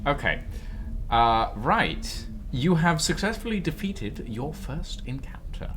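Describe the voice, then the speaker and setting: A man's voice: on the high side, sing-song, slow, background noise. A man running a tabletop game as game master, narrating scenes hesitantly with many fillers.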